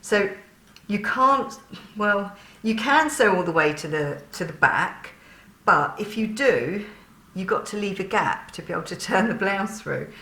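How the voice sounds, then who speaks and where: A woman's voice: medium pitch, lively intonation, measured pace, sharp tone, roomy sound. A woman chatting through a sewing tutorial, laughing often and poking fun at herself.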